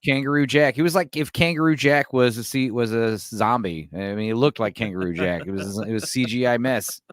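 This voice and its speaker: A man's voice: medium pitch, fairly quick, no room sound. A man talking casually as a guest on a film chat show, rambling with plenty of "like" and "you know".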